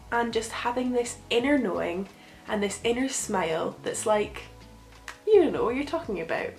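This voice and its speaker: A young woman talking gently and reflectively to camera, giving casual advice with a rambling, filler-filled manner. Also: medium pitch. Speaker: vlogger. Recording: echoey room with faint music.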